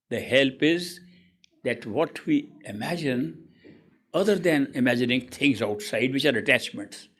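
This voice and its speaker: Gravelly man giving a spiritual talk. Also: on the high side. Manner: expressive, acts out quoted voices; gently humorous storytelling. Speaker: spiritual teacher. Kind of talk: spiritual discourse.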